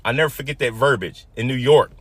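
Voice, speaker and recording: A man in his fifties from Detroit tells a personal story in an emotional, dramatic way, dropping to a hush and then rising loud. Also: medium pitch, fast talker, slightly rough, no room sound. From Detroit, USA. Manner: emotional, dramatic retelling that swings from hushed to loud.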